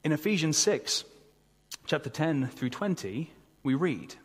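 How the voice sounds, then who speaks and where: Preacher, earnest chatty sermon, husky voice, long church echo. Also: male voice, fairly high pitch, big pitch swings, unhurried. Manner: earnest, conversational, asks the congregation. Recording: long hall reverb.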